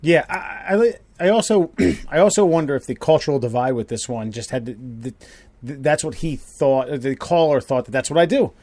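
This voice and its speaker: A man hosting a podcast in casual chat, talking in a halting way with repeated words. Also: mid-range voice, lively intonation, a little mellow, dry recording. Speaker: podcast host.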